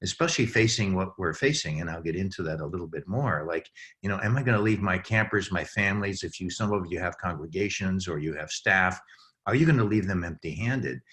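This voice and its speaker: Low-voiced man, earnest webinar speaker on a video call, halting with fillers. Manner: warm, earnest, many ums and uhs, chuckles. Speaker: webinar speaker for camp professionals. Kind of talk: heartfelt talk to an online audience.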